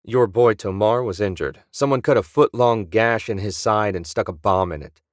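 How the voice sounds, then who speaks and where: A man's voice: fairly low pitch, moderate pace, no echo, studio quality, lightly acted. A man playing a wry, weary space pilot. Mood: dry.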